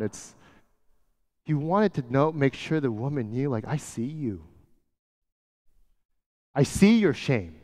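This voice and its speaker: A man preaching a sermon as pastor, talking casually and often dropping to a soft, hushed voice. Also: mid-range voice. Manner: conversational, often drops to a soft hush. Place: church sanctuary. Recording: church hall with long reverb.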